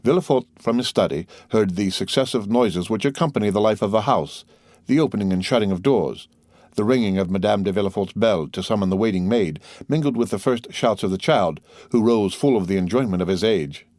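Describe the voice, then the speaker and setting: Male audiobook narrator, lowish voice, measured reading, dry close mic. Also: darkish tone, dry recording. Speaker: audiobook reader. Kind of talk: scripted narration.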